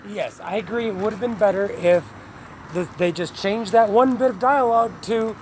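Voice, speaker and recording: Brief: high-pitched male co-host, playful and jokey, clear traffic noise behind. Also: normal speed, low-quality recording. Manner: playful, joking, laughs often. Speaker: guest co-host. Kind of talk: casual podcast chat.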